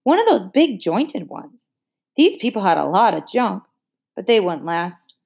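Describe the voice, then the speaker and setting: A woman reading a children's novel aloud in a measured storytelling manner. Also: mid-range voice, very animated, gravelly, a little mellow, husky. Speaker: audiobook reader.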